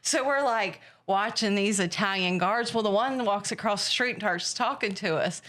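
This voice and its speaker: Lively storytelling woman from Ohio. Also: mid-range voice, normal speed. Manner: lively storyteller, casual swearing. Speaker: podcast guest. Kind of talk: casual chat.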